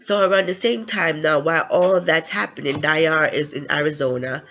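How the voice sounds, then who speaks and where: A woman's voice: low voice, normal speed, fairly bright tone, dull audio. A woman giving a casual book recap, chatty and loose, often slipping into the characters' lines as she retells the story. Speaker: book reviewer.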